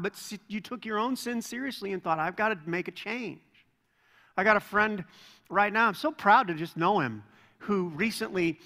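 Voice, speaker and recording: A man preaching a sermon as pastor, telling stories in a relaxed, joking way. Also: sits high. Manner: conversational, self-deprecating storytelling. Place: church sanctuary. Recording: long hall reverb.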